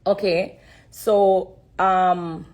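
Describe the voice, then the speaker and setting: A woman gives an earnest, halting testimony on a live stream. She repeats her phrases, pauses often and sounds close to tears. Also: on the low side, level tone, a little mellow. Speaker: livestreamer sharing a personal testimony.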